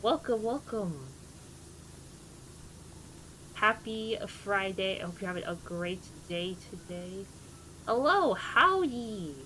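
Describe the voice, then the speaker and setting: A woman's voice: medium pitch, steady tone, slow pace, pauses often, a bit bright, a little hiss or hum. A woman in her twenties, a streamer chatting casually with her live chat, talking about herself and greeting viewers.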